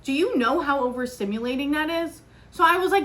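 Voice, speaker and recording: A young woman hosting a podcast, telling a story in a chatty, animated way with lots of fillers. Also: high voice, brisk. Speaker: podcast host. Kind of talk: casual solo podcast chat.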